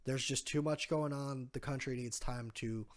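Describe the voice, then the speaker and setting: A man voicing an earnest young male ruler who speaks softly and explains a hard decision. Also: medium pitch, fairly even intonation, normal speed, lightly acted. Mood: solemn. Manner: soft-spoken, explaining a decision.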